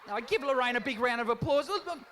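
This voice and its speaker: A man doing live stand-up crowd work in a large town hall, teasing the audience in an animated way. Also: extremely high pitch, fast talker, slight background noise. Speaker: stand-up comedian and MC. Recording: echoey hall reverb.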